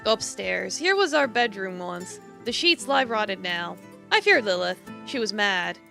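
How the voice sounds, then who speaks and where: A woman streamer reading a horror visual novel aloud in a theatrical way, swinging between hushed and emphatic lines. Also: mid-range voice, very animated, a little slow, vocal fry, faint music behind.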